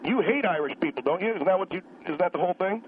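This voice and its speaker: A man guesting on a radio call-in show, combative and quick to take offense. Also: high-pitched, lively intonation. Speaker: newspaper columnist guest. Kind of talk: talk radio phone-in. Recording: tinny noisy phone line.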